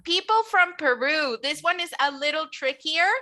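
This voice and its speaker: Woman, English teacher, high bright voice, encouraging classroom tone. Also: normal speed. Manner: encouraging, models words for students to repeat. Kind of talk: classroom lesson.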